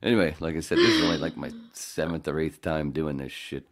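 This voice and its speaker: A man chatting casually and rambling, halting and restarting often as he looks back on his comedy set. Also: rumbling low, fairly even intonation. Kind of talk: casual chat.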